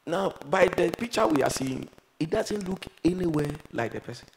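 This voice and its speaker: A man preaching a sermon, moving between quiet, reflective passages and loud, emphatic exhortation. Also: a little high, expressive, normal speed, vocal fry, rough recording. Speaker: pastor.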